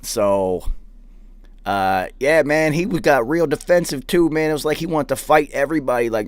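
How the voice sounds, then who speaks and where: A man's voice: mid-range voice, animated, moderate pace, no echo. A young man hosting a podcast, telling profane, rambling anecdotes in a casual chat. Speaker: podcast host. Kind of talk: casual storytelling.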